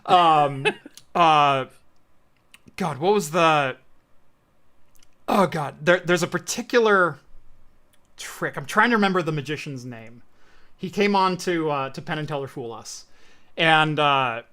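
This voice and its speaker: A man's voice: on the high side, lively intonation, slow pace, pauses often, pushed and bright. A man co-hosting a podcast in casual chat, telling a long story in a rambling way and acting out the quoted voices. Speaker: podcast co-host.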